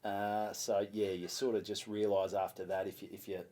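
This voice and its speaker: An Australian comedian telling a lively story on a podcast, swearing and acting out other people's voices. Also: male voice, fairly low pitch, moderate pace. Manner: animated, swearing, acts out voices. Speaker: comedian guest.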